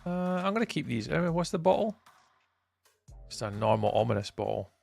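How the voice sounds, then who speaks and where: A man's voice: medium pitch, big pitch swings, brisk, vocal fry, darkish tone, soft background music. A man streaming a game, chatting casually with his viewers while he plays. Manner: chatty, talks to chat while playing. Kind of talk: casual live-stream chat.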